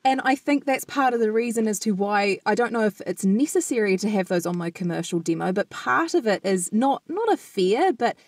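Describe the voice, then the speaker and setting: A woman's voice: mid-range voice, lively intonation, fairly quick, hardly any pauses, dry recording. Kiwi lady chatting on a podcast, restarts a lot, mid voice, dead dry mic. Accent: New Zealand. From New Zealand. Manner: chatty, thinks aloud with restarts. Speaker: podcast co-host. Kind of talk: casual chat.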